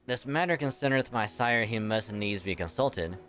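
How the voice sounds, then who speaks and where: A man's voice: lowish voice, expressive, moderate pace, a bit bright, soft background music. A man voicing an ancient, regal female dragon from a game, speaking in stately archaic words. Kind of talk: reading game dialogue aloud.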